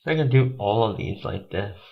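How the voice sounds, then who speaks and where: A man's voice: lowish voice, lively intonation, fairly quick, creaky, muffled recording. A man streaming a game and chatting casually with his viewers, goofy and joking, giggling often. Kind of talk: casual live-stream chat.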